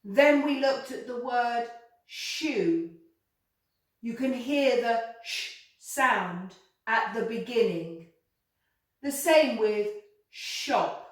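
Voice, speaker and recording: A woman teaching children a slow English phonics lesson, sounding out letters clearly and encouraging them to repeat. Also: fairly high pitch, lively intonation. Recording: very echoey room, voice from a distance.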